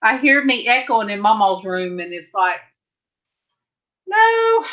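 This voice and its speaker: Speaking at a normal speed in a mid-range voice, a middle-aged Californian woman hosts a livestream from her home craft room and rambles through casual replies to viewers' comments. The lo-fi audio is slightly dull.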